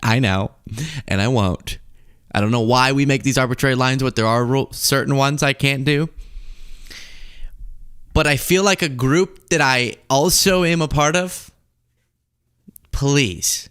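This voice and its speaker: A man from the American South hosting a casual political commentary show, animated and jokey as he reads chat comments. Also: no echo, clean studio sound. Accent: General American, Southern accent mostly lost. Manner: animated, jokey, rapid shifts in pitch.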